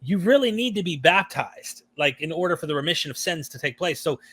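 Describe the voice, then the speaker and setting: Guy hosting a chill podcast chat, voice on the high side, thinks out loud and hedges a lot. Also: brisk, husky, no room sound. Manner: thoughtful, hedging, animated when quoting views. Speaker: podcast host. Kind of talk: casual discussion.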